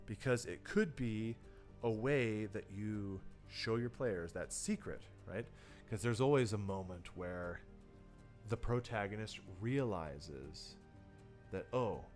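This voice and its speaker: A man in a livestreamed workshop explains how to write horror for tabletop role-playing games. His voice sits at a middle pitch, but his delivery swings widely as he acts out what the players say. Faint music plays underneath. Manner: animated, often acting out players' reactions; loose and conversational, with many fillers and restarts. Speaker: tabletop game design teacher.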